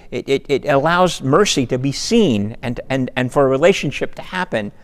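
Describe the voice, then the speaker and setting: A man's voice: medium pitch, long reverb tail. A man preaching a sermon in earnest, repeating words and building to emphatic peaks. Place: church sanctuary.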